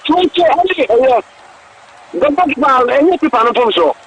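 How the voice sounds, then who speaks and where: Excitable high-voiced Ghanaian radio commentator. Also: male voice, a little slow. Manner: excitable, repetitive exclamations, mixes languages. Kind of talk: excited live match commentary. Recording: dull lo-fi radio broadcast.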